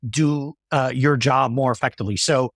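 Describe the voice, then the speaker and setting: A male company executive explaining his ideas in a business interview, in a measured way with many fillers and restarts. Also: mid-range voice, steady tone, fairly bright tone, no echo, studio quality.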